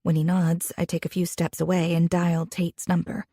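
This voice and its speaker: A young woman reading a first-person romance audiobook in an expressive, intimate way, with a husky voice. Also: lowish voice, moderate pace, no echo, clean studio sound. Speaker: audiobook narrator.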